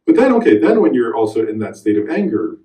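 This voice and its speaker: Middle-aged guy giving a dharma talk, animated, acts out voices, heard from far off in a roomy hall. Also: mid-range voice, fast. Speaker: Buddhist meditation teacher. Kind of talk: teaching talk with personal story. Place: teaching room with a group.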